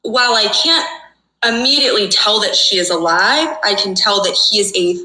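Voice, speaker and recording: A woman's voice: medium pitch, lively intonation, moderate pace, pushed and bright. Young woman telling a story, echoey room. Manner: emphatic, swearing, checks in with "okay?". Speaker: storyteller in a played clip. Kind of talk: dramatic personal storytelling.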